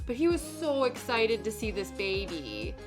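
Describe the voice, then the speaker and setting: A young woman cross stitches on a stream while chatting casually, rambling through stories and answering chat. Her voice is a little high with big pitch swings and a moderate pace, and background music plays under it.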